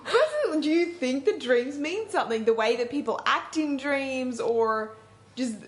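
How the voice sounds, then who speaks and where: A young woman hosting a casual radio chat show, presenting in a brisk, upbeat way. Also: sits high, expressive.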